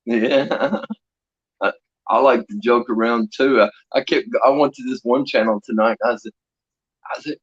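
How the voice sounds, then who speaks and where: On a livestream with dull lo-fi audio, a man chats casually and laughs often while telling rambling stories. His medium-pitched voice is steady and a little slow.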